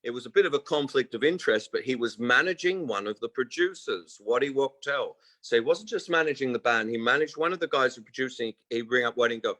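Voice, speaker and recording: A man in his sixties talks as a guest over a remote call. He rambles through long anecdotes and drops into the voices of people he quotes. His voice sits at an ordinary middle pitch, and the sound is dry and close. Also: lively intonation, fast talker, few pauses, sharp tone, no room sound, rough recording. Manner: rambling storyteller who acts out quoted voices. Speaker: guest musician. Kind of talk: casual interview chat.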